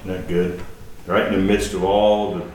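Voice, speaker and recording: A man giving an informal, halting sermon with asides, as a guest preacher. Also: deep voice, level tone, darkish tone. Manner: conversational, halting, with restarts and asides. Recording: echoey hall from a distance with faint noise.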